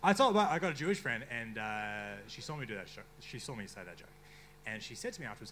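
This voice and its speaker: A young man with an Australian accent doing a stand-up comedy set on a bar stage, deadpan with sudden outbursts. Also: mid-range voice, fast talker, background noise. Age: young adult. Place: bar stage before a live crowd.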